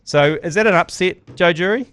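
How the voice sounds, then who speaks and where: A man's voice: sits high, a little fast. A man with a New Zealand accent, chatting on a podcast and telling stories with plenty of swearing. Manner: sweary, animated storytelling. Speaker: podcast host. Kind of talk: casual podcast chat. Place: studio.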